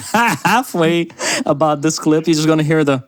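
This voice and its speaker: A man's voice: a little high, lively intonation, measured pace. A young man co-hosting a podcast, sarcastic and joking as he reacts to clips, laughing often. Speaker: podcast co-host. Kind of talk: casual reaction chat.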